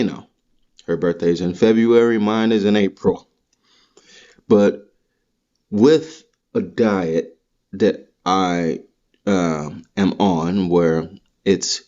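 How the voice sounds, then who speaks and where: Man, podcast host, profane rambling monologue, somewhat low voice, muffled home recording. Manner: rambling, crude, animated rants.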